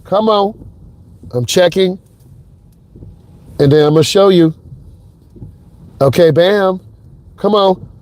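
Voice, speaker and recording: Speaking slowly with long pauses, this man has a high, a little mellow voice. He is a driving instructor behind the wheel, delivering hyped live lesson commentary directly to the viewers.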